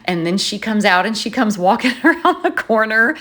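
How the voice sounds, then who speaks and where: A woman, a journaling vlogger chatting in a casual, animated, expressive way as she tells a story. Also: a little high, normal speed.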